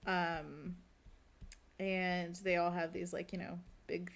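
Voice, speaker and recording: A woman's voice: fairly low pitch, little pitch movement, slow, vocal fry. A woman chatting casually while drawing on a live stream, rambling and laughing often, seated at a desk at home.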